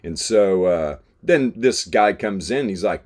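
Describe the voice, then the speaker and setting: Slow yet animated, this man has a low voice that's a little mellow. He runs a live trading stream, relaxed and chatting casually about charts, swearing and laughing as he tells stories.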